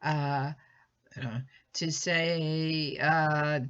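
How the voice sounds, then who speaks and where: A woman's voice: sits low, measured pace, dull audio. A woman teacher giving a recorded lesson in a conversational way, thinking aloud with fillers and restarts.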